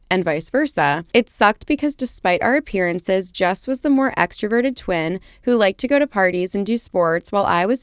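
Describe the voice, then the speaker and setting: A woman's voice: mid-range voice, smooth, dry recording, clean studio sound. A young adult woman co-hosting a podcast, chatting and reading stories aloud, giggling and stumbling over words. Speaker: podcast co-host.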